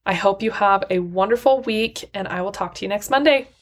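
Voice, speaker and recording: A woman hosts a solo motivational podcast in an earnest, encouraging voice. She speaks warmly and directly to her listeners at a medium pitch. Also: a little fast, heavy background noise. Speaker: podcast host.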